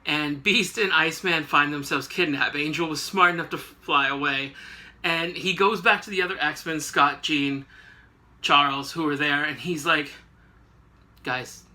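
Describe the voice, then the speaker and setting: A man's voice: on the high side, bright, forceful tone. A man hosting a casual comic book recap, rambling and joking with lots of fillers. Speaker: host.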